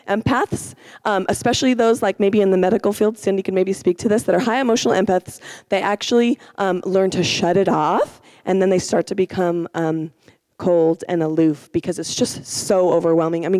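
A woman's voice: on the low side, mellow, no echo. A woman teaching an informal sermon, chatty and self-deprecating, with many fillers and restarts.

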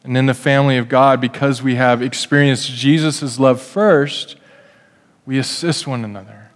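A man's voice: mid-range voice, moderate pace. A middle-aged male pastor preaching a family sermon, speaking directly to the kids and acting out what family members say. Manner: lively, addresses kids directly, acts out family quotes. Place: church hall. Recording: long hall reverb.

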